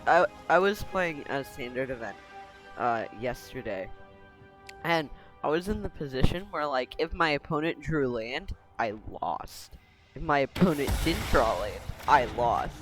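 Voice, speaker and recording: A man giving casual, joking commentary while playing a card game, sarcastic and quick to laugh at himself. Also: mid-range voice, animated, a bit bright, soft background music. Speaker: gaming video host.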